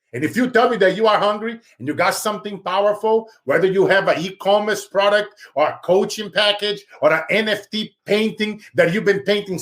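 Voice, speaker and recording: A man's voice: high voice, a bit bright. A man from Brazil with a Brazilian Portuguese accent, a success speaker guest telling fervent stories in an interview. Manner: fervent, storytelling, calls host bro. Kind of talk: animated interview talk.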